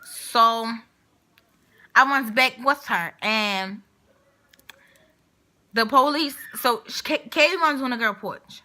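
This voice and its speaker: A young woman vlogger with a fairly high voice takes her time and pauses often as she shares a casual storytime. She's animated and slangy, performing each person's lines as she goes.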